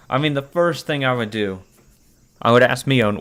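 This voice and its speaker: A man's voice: mid-range voice, normal speed, fairly bright tone. A man casually commenting while reading a visual novel aloud, offhand and sarcastic, swearing now and then. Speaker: let's play reader.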